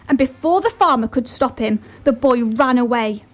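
A woman's voice: on the high side, moderate pace, hardly any pauses. A woman giving an earnest motivational talk and telling a story, with chatty asides.

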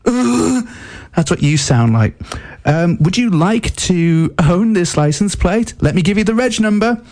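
A man's voice: a little high, a little mellow. Rambling jokey young man hosting radio. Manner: rambling, self-mocking, jokey. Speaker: radio host. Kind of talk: improvised comic radio chat. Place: flat at home.

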